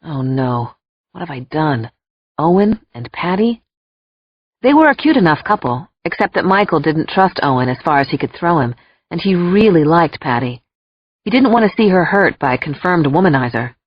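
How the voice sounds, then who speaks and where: A woman narrating an audiobook in an expressive, emotional first-person storytelling voice. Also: lowish voice, moderate pace, breathy edge, dry recording. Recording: dull lo-fi dry recording.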